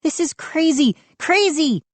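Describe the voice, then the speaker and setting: A woman's voice: expressive, slow, no echo. A woman voicing a frantic, indignant teenage girl who shrieks her lines. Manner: shrill, indignant.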